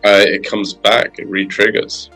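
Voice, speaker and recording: Hesitant bright-voiced man in his forties. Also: lowish voice, little pitch movement, unhurried, faint music behind. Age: 40s. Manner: hesitant, short replies. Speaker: coaching client. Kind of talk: casual conversation.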